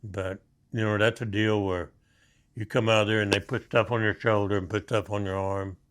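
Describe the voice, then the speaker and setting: A man's voice: on the low side, little pitch movement, moderate pace. A man, a Vietnam veteran telling war stories in a plain-spoken, rambling way. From Oklahoma. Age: 70s. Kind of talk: storytelling interview.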